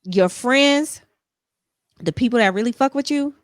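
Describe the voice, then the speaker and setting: A woman's voice: a little high, animated, unhurried, no echo, studio quality. A woman hosting a podcast in casual chat, talking earnestly and encouragingly and often checking in with "you know what I'm saying.". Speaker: podcast host.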